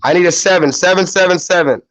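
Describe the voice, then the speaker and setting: High-voiced man chatting on a livestream. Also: fast talker, fairly bright tone, poor audio. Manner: loose and profane, talks straight to viewers. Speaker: YouTube livestream host. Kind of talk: casual livestream chat.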